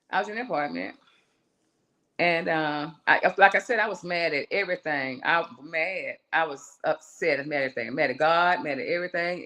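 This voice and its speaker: A woman, a singer and songwriter, telling a personal story on a live show in a lively way, acting out voices and calling her listener "girl". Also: lowish voice. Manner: animated, acts out her own voice and inner voices, calls the listener "girl".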